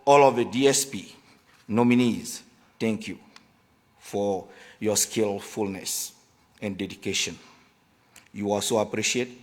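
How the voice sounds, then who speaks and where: A man with a French accent presenting an award at a luncheon. He reads his speech haltingly, with restarts, and jokes at his own expense. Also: medium pitch, darkish tone. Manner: halting reading with restarts, self-deprecating. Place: large banquet hall at a luncheon. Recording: hall reverb in a banquet room.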